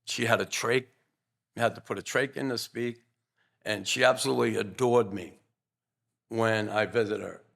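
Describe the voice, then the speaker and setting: Gravelly older man telling stories. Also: fairly low pitch, fairly bright tone. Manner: rambling, earnest, with restarts. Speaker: guest, former pro hockey player. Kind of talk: casual interview storytelling.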